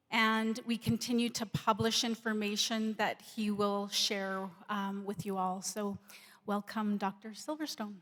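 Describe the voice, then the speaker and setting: A woman hosting an event, giving a measured formal introduction with brief "um" pauses. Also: medium pitch, a bit bright. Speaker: event host introducing the speaker. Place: large banquet hall. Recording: long reverb of a large hall.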